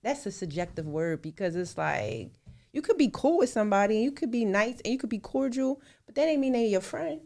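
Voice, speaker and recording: A woman's voice: on the high side, animated, a little fast, darkish tone. A woman in her forties co-hosting a candid podcast conversation, asking probing questions and pushing back plainly. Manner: direct, probing questioner who pushes back. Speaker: podcast co-host.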